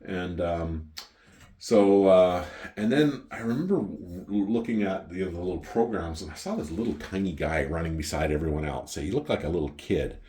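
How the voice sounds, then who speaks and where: Deep-voiced, swearing Canadian storyteller man. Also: brisk, few pauses. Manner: profane, animated storyteller. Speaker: wine collector vlogger. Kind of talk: casual storytelling.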